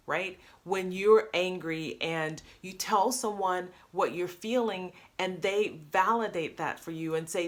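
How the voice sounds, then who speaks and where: A woman coach talking to camera, upbeat and animated, acting out example phrases as she explains. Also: medium pitch.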